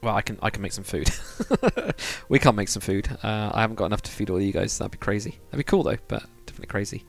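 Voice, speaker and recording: A man's voice: on the low side, animated, quick pace, creaky, faint music behind. A man chatting casually with viewers during a game livestream, rambling and laughing often. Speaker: streamer. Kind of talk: casual livestream chat while building in a game.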